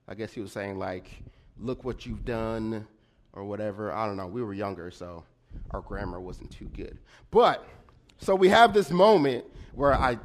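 Young man, stand-up comedian, chatty storytelling, checks in with the crowd, loud acted-out outbursts. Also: mid-range voice. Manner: chatty, addresses the audience with frequent "all right?"; acts out a brother's angry lines with sudden loud bursts.

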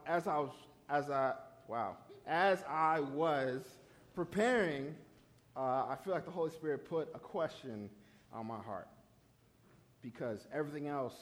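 A young adult man giving a lively, conversational sermon as a youth pastor, often checking in with "right?". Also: mid-range voice.

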